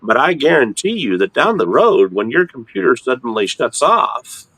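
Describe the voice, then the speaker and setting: A middle-aged man hosting a casual ministry chat, explaining in a lively, halting way with frequent restarts. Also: no room sound. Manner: animated, repeats and restarts words, jumps into high mock voices. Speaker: ministry host.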